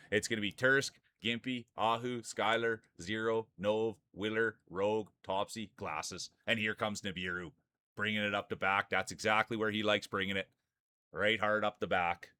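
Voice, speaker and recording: A man's voice: on the low side, bright, forceful tone. A man streaming live, commentating marble races and bantering with chat, rambling and laughing often as he jokes.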